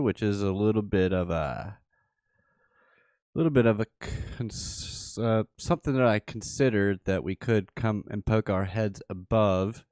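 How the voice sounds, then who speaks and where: A man's voice: on the low side, darkish tone, smooth, no room sound, studio quality. A man hosting a livestream, giving casual live chart commentary and thinking aloud with repeated phrases. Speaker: livestream host.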